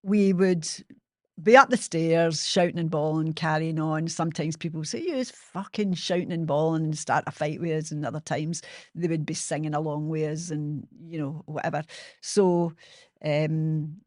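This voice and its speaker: A woman's voice: low voice, flat delivery, moderate pace, no room sound. Glaswegian woman, 60s, host telling her own stories; frank, sweary, self-mocking, dry close sound. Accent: Glaswegian Scottish. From Scotland. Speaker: podcast host. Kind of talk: personal storytelling monologue.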